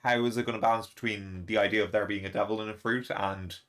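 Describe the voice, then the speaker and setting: A man hosting a casual reaction and review, excitable and rambling, laughing often between fillers. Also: lowish voice, quick pace. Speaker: manga reaction channel host.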